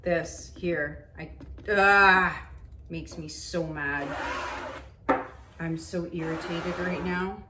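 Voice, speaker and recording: Woman, painting vlogger, slow and lowish, frustrated self-talk, echoey studio with faint background noise. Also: steady tone. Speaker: acrylic pour painting vlogger. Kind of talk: casual talk while painting. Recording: roomy echo, faint ambient noise.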